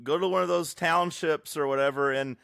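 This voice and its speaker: A man teasing his co-host in a blunt, deadpan way during a casual podcast chat. His voice sits a little higher than most men's. The recording is dry and close. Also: a little fast, gravelly, smooth, no room sound.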